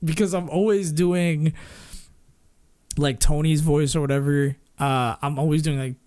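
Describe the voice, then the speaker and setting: A man's voice: a little high, fairly even intonation, a little slow, darkish tone, smooth. A man streaming and chatting casually, rambling with lots of fillers, restarts and little laughs. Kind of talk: casual chat with chat.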